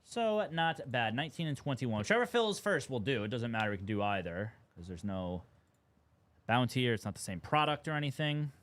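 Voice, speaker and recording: A young man hosting a live card-breaking stream, chatting casually and getting excited at big pulls. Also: medium pitch, brisk.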